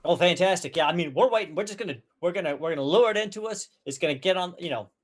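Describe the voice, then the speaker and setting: A man's voice: high voice, rapid-fire. A man playing an awkward, smitten grown man at a school reunion, rambling and tripping over his words. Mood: eager. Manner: stammering, rambling, restarts a lot.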